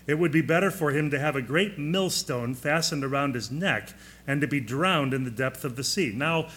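A middle-aged man preaching a sermon as pastor, asking the congregation questions and slowing down to stress key points. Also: on the high side, fairly bright tone. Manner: asks the congregation questions, slows for emphasis.

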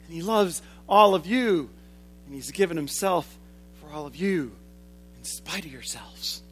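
A man in his forties delivers a sermon in a notably high voice. He drives some lines home loudly and drops others to a hush, working through his points with steady conviction. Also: measured pace, slight background noise. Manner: swings from loud emphatic lines to hushed low ones. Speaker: preacher.

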